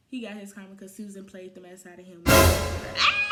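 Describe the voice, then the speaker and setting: A young woman telling a storytime vlog in a sassy, animated way, getting loud and fast when she quotes herself. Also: medium pitch.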